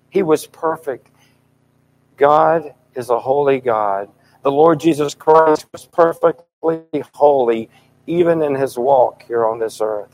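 A middle-aged man delivers a fervent sermon at an unhurried, deliberate pace. He presses each point emphatically, letting his voice swell loud on key lines. His pitch sits in an ordinary middle range for a man. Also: poor audio. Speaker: preacher.

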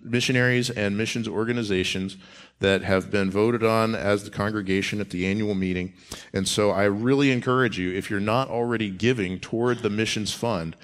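A man delivers a sermon from the pulpit. His voice sits a little low, and he speaks earnestly, leaning into key phrases with extra force and slowing down for emphasis. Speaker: pastor.

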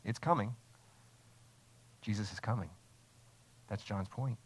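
A man's voice: lowish voice, unhurried, breathy edge, no room sound. Emphatic male pastor, dry sound. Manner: emphatic, with rhetorical questions. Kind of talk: expository sermon. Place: church, streamed online.

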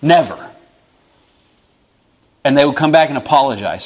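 A man's voice: mid-range voice, animated, normal speed. A man preaching a sermon in an earnest, conversational way, sometimes acting out short exchanges.

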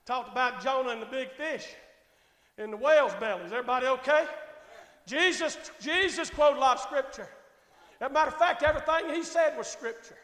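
A middle-aged male pastor preaching a sermon in a church, moving between quiet conversational asides and shouted, drawn-out lines, often calling out to ask if everyone is all right. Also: very high-pitched. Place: church sanctuary. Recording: echoey church hall with long reverb.

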